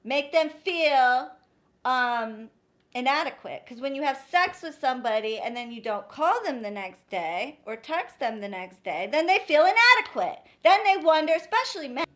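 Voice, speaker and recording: Brief: woman live-streamer, slightly high voice, blunt and exasperated, swears freely. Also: sing-song, normal speed, a bit bright. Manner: blunt, profane, exasperated, addresses viewers directly. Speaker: spiritual practitioner giving advice on a live stream. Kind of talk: casual live-stream talk.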